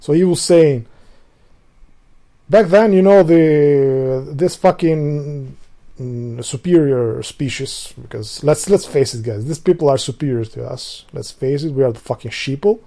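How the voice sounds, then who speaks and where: In a mellow, fairly high voice, a man from Albania speaks a little slowly through a rambling, casual vlog monologue. He's a native Albanian speaker who curses, drifts off his point, and starts sentences over.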